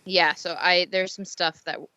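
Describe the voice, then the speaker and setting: A woman's voice: lowish voice, fairly even intonation, moderate pace, bright, forceful tone, dry recording, lo-fi sound. A woman playing a tabletop role-playing game, speaking hesitantly with many fillers and restarts. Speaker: player. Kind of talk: tabletop role-play over voice chat.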